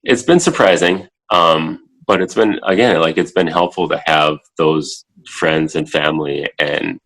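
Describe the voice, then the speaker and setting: Chatting casually as a podcast guest, this thirtysomething man sits in a child's room at home, his low-pitched speech halting and packed with fillers. He livens up when acting out his own past words, and the recording quality is poor.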